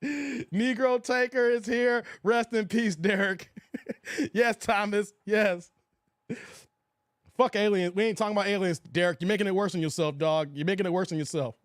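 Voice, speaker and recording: Man, live stream host, high voice, dry close sound, animated with lots of laughing. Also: moderate pace, no room sound. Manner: animated, laughing, quoting movie lines. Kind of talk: casual live stream chat.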